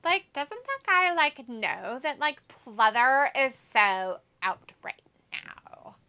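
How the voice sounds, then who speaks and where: A bubbly, airheaded young valley girl who drawls slowly and stuffs every sentence with filler words, as a woman puts her on. The voice sits fairly high and sounds bright and sharp. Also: very animated, smooth, faint music behind, heavily acted. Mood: mocking, ditzy. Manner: drawling, peppered with "like" and "oh my God". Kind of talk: mocking impression during casual chat.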